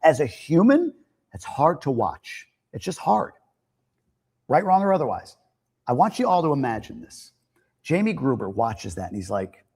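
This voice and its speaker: A middle-aged man from the United States talks straight to his livestream audience in a loose, opinionated monologue. His voice sits at a medium pitch but swings widely, climbing high when he gets worked up or starts joking. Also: moderate pace, creaky, husky. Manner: animated, opinionated, laughs and rises to near-shouting when joking. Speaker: livestream host. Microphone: streaming mic.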